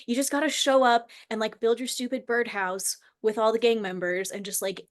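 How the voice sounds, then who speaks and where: Speaking at normal speed with a slightly high, fairly even voice, a female host in her thirties or forties recounts something from her own life. The story comes out earnest and meandering, packed with "like."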